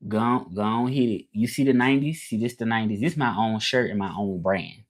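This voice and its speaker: This Memphis, Tennessee man has a lowish voice and a brisk delivery, with a Southern US drawl. Hosting a livestream as a language teacher, he keeps things casual and laid-back, answering viewers and often repeating himself.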